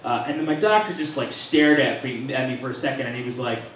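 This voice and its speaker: A man's voice: medium pitch, quick pace, recorded from a distance. A young man doing a stand-up routine at a live venue, telling a story animatedly and acting out the people in it. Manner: animated storytelling, acts out quoted characters. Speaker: stand-up comedian. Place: live comedy venue with audience. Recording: echoey room recorded from afar, noisy.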